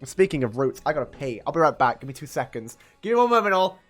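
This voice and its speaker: A man's voice: fairly high pitch, big pitch swings, fast talker, fairly bright tone, soft background music. A man hosting a livestream, chatting casually and teasing his guest while reading chat. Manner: playful, teasing, reacts to chat. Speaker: streamer host.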